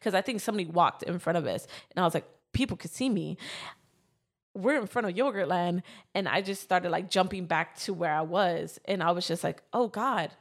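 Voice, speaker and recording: A woman's voice: on the low side, brisk. A woman in her twenties telling a personal story in casual chat, with lots of fillers.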